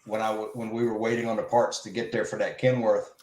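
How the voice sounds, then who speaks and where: A man telling a casual shop story, animated and mimicking the people he quotes. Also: lowish voice, quick pace, echoey room, a little hiss or hum, poor audio.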